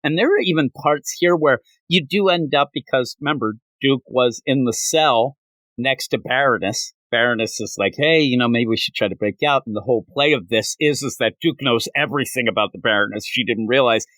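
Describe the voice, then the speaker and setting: A man's voice: medium pitch, normal speed, no echo. Chatty man hosting a comics show. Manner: animated, talkative, repeats phrases like "I'm telling you". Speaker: comics podcast host. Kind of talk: casual chat.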